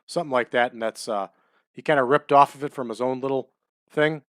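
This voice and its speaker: A man giving relaxed, chatty commentary over a wrestling management game, adding trivia as he goes. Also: mid-range voice, a little fast, no room sound, clean studio sound. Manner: laid-back, chatty, adds wrestling trivia.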